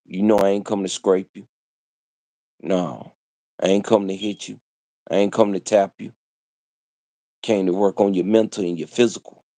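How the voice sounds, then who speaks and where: Preachy man with a low, mellow voice. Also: steady tone, normal speed, long pauses, no echo. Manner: preachy, repetitive, street slang. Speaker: livestream host. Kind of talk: casual livestream monologue.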